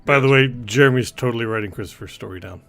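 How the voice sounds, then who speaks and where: A man's voice: mid-range voice, quick pace, vocal fry, fairly bright tone, faint music behind. A man playing a tabletop roleplaying game, joking in a wry, sarcastic way. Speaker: player.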